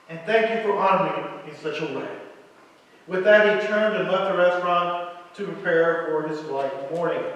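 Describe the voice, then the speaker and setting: A man preaching a sermon as a pastor, telling a story dramatically and acting out the characters' lines. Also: high voice. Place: church sanctuary. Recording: echoey church hall, mic far off.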